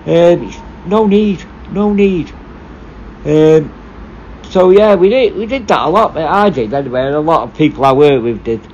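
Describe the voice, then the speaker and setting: A former prison officer telling stories casually, blunt and full of swearing, rambling and restarting. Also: male voice, a little high, animated, normal speed, a little mellow, muffled recording, a little hiss or hum. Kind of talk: casual storytelling.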